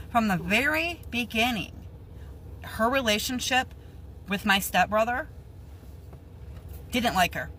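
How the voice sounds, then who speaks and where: Slow, emphatic woman with a bright, high voice. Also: animated, slight background noise, poor audio. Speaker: social media poster. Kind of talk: direct-to-camera video.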